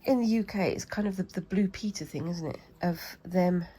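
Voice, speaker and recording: This British craft vlogger, who has a cold, casually rambles and talks to herself while working through a craft demonstration. She speaks at a moderate pace in a fairly low, mellow voice with a breathy edge, and the recording is rough.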